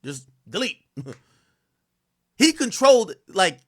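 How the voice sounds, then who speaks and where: A man hosting a livestream, reacting to a clip in casual, slangy, excitable commentary. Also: high voice, slow. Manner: animated, excitable, slangy, repeats himself.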